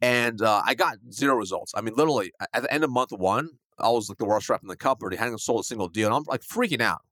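A man telling a sales story in a lively, fast conversational way, acting out the voices of the people in it. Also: medium pitch, no room sound, clean studio sound. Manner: fast, animated, acts out quoted dialogue. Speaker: guest, sales coach.

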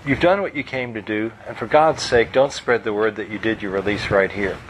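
A man's voice: lowish voice, brisk, slight background noise, pitched below the performer's own voice, lightly acted. A man reading aloud, voicing a worried woman who firmly tells a guest to leave. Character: worried adult woman, firm mother protecting her family. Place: live bookstore reading.

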